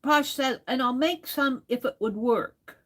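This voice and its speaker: A woman's voice: sits high, a little slow, fairly bright tone. A woman hosting a crafting livestream, chatting casually and reading viewer comments aloud as she works.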